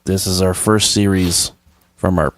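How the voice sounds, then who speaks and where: A man's voice: low-pitched, little pitch movement, unhurried, no room sound. A man co-hosting a podcast, joking in a loose, profane, crude way as he chats with his co-host. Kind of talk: crude casual banter. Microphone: podcast microphone.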